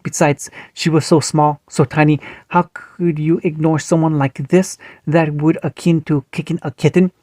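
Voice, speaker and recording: Guy reading fanfic out loud, higher voice, pretty monotone, stumbles now and then. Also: moderate pace, hardly any pauses, dry recording. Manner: steady reading with small slips and restarts. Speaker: story reader. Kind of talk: reading fan fiction aloud.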